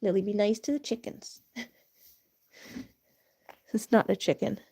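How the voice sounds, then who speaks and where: A woman's voice: medium pitch, measured pace, warm tone, breathy edge. A woman chatting casually while she feeds farm animals, cooing at them in a sweet, raised voice and laughing often. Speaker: animal keeper.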